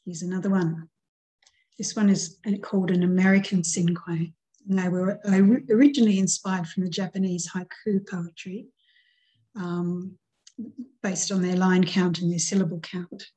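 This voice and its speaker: A woman's voice: on the low side, little pitch movement, normal speed, mellow, poor audio. A middle-aged woman teacher giving a recorded grammar lesson, patiently walking through examples and counting out syllables.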